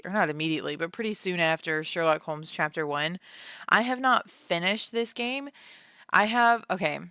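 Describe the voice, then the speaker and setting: A woman's voice: fairly low pitch, clean tone, no echo, clean studio sound. Chatty woman livestreaming from home. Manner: chatty, animated, laughs often, many fillers. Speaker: livestream host and author. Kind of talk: casual livestream chat.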